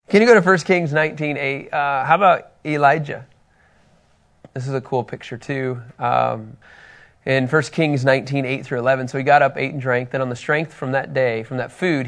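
Gravelly-voiced man teaching a Bible lesson. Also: mid-range voice. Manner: animated, reads scripture aloud and asks class questions.

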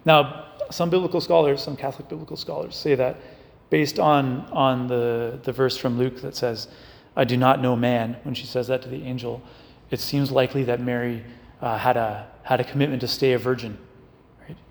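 Man, conversational Catholic talk, raspy fry, reverberant hall. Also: medium pitch, fairly even intonation, moderate pace. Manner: conversational, often adds "right?" and "you know". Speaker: Catholic speaker. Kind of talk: spiritual talk to young adults. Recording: echoey hall.

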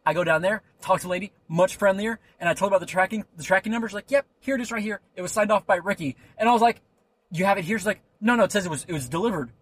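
A man's voice: high-pitched, racing, husky. A young man hosting a podcast, rambling through a story in casual chat and acting out the people in it. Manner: rambling, animated, acts out quoted people. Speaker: podcast host.

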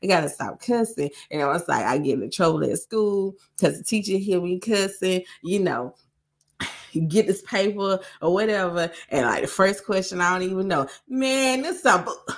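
Woman, 30s, South Carolina Southern accent, big voice, animated emphatic storyteller for a casual podcast. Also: lowish voice, moderate pace. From Greenwood, South Carolina. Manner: animated, emphatic, repeats lines for effect. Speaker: podcast co-host.

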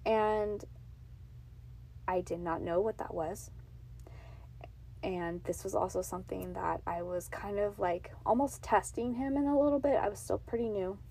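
A woman's voice: mid-range voice, measured pace, gravelly, long pauses, warm tone, breathy edge. A woman in her thirties hosting her own podcast from a home closet, telling her faith testimony in an earnest, emotional, confiding way. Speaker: podcast host. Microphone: podcast mic on a box.

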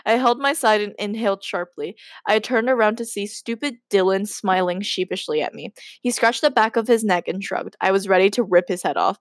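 A woman's voice: medium pitch, moderate pace, hardly any pauses, dry recording, clean studio sound. Giggly young woman reading her old stories. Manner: giggly, self-mocking asides. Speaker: podcast host.

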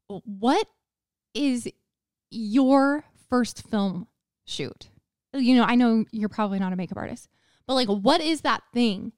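A woman's voice: fairly high pitch, smooth, no room sound, clean studio sound. A young woman hosting a solo motivational podcast in an earnest, chatty way, often acting out her own inner voice. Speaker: podcast host.

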